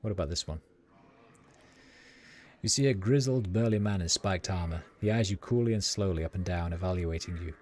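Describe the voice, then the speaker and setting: A man's voice: deep voice, a little fast, pauses often, darkish tone, a little hiss or hum. A man streaming a game, reading its dialogue and narration aloud in his own casual voice, with ums and uhs. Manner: reads every part in his own plain voice, with fillers. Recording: music playing behind.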